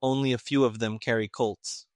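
Grumpy sarcastic colonel, raised louder pitch, a man reading it, dry sound. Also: steady tone, normal speed, dry recording, natural voice. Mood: gruff. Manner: gruff, emphatic, sarcastic. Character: irritable, sarcastic male army colonel.

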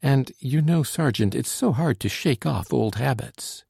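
A man voicing a frightened, quick-witted young woman who pleads politely with soldiers, in a trembling manner. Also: medium pitch, lively intonation, gravelly, a little mellow, husky, dry recording, clean studio sound, pitched above the performer's own voice, exaggerated voice. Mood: pleading.

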